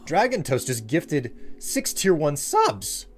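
A man's voice: a little high, huge pitch swings, slow pace. A man streaming live, chatting and joking with his viewers in a rambling way. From United States. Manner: joking, rambling, talks to chat. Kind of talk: casual live-stream chat.

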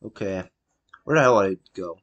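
A man narrating his gameplay in a casual let's-play, with a lively, bouncing pitch. He talks to himself with jokey wordplay and bursts into shouting at his game character. He sounds excitable and self-amused. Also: moderate pace, muffled recording. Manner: excitable, yelling at the game character between mumbled asides. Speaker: gameplay commentator.

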